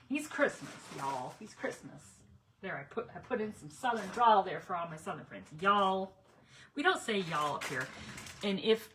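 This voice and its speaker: Middle-aged woman, crafting vlogger, bright chatty delivery, slightly low pitch. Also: a little hiss or hum. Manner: rambling storyteller with laughs and asides. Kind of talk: casual chatty craft vlog.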